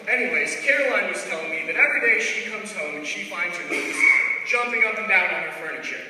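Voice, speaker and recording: Loud, bright-voiced young stand-up comedian. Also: male voice, high voice, quick pace. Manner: loud, energetic, playful storytelling. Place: large echoey hall. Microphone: far room mic. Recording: echoey hall from far off, faint noise.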